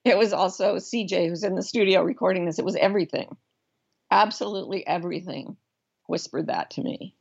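A woman's voice: fairly low pitch, vocal fry, husky. A middle-aged woman guest telling a personal story in an interview, thoughtful and earnest, often restarting her sentences. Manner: earnest, thoughtful, with frequent restarts and slow emphasis. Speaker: guest, life coach. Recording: dull lo-fi recording.

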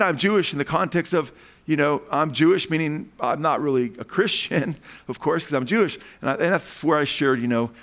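A man preaching a sermon in a church, speaking into an amplified microphone with animated, emphatic questions to the congregation. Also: a little high. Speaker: pastor. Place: church sanctuary.

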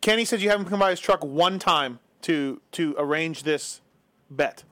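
A man's voice: a little high, moderate pace, pushed and bright, no echo. Teasing man hosting a radio show. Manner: needling, teasing. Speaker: radio host.

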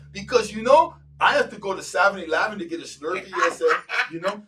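A man's voice: high-pitched, a little fast, few pauses, slight background noise. A man hosting an interview as a psychologist, telling stories with animation and acting out the voices of people he quotes. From Colorado, United States. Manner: animated storytelling, acts out other people's voices. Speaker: psychologist and podcast host. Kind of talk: casual conversational interview. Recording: voice sounds distant from the mic.

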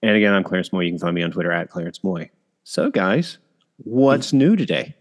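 A man's voice: low-pitched, expressive, a little fast. A man hosting a casual podcast, rambling and self-interrupting, laughing often. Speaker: podcast host.

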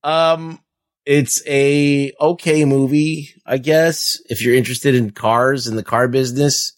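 A man chatting loosely on a podcast, his mid-pitched voice wandering through long recaps. He swears freely and laughs now and then as he talks. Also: steady tone, a little slow. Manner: rambling, profane, laughs while talking. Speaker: podcast co-host. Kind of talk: casual chat.

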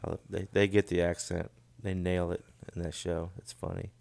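A middle-aged man co-hosting a casual chat, relaxed and chuckling often, trailing off into mumbles. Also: sits low, moderate pace, gravelly.

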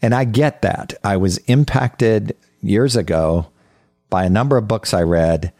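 A man with a very deep voice gives a conversational Bible teaching on his podcast. He speaks earnestly and haltingly, often repeating words as he restarts his sentences. The sound is dry, with no room echo. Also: a little mellow.

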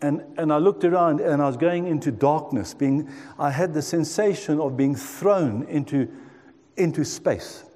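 A man's voice: a little high, unhurried, mellow, long reverb tail. A man in his sixties telling his own story in a sermon, in an earnest tone that speaks straight to the listeners. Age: 60s. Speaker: preacher. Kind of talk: sermon testimony.

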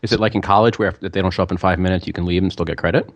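A man co-hosting a podcast in casual chat, making quick self-mocking jokes. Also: low-pitched, steady tone, dry recording. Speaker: podcast co-host.

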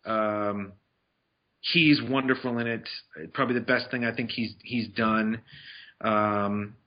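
A man whose voice is on the low side takes it slowly in a steady tone as he reviews films casually. This film reviewer rambles with restarts and fillers over dull lo-fi sound.

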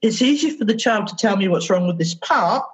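A woman therapist being interviewed on a podcast, telling stories with lively, animated delivery and acting out her exchanges with children. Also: mid-range voice, brisk, breathy edge, poor audio. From England. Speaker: therapist guest.

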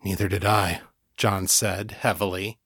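A man reading a young male incubus priest weighed down by guilt, his voice rough and heavy with emotion. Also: sits low, level tone, a little slow, fairly bright tone, no room sound, studio quality. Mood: grave.

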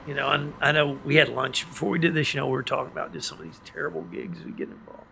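A man's voice: mid-range voice, fairly even intonation, fast, creaky, pushed and bright, slight background noise. A man, a musician guest in a studio, telling rambling stories and laughing often. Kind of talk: storytelling in a relaxed conversation. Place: recording studio.

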